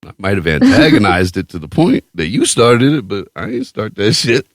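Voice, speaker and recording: A man hosting a podcast, telling a story in casual chat with a profane, boastful, animated way of talking. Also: fairly low pitch, normal speed, no room sound, clean studio sound. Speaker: podcast host.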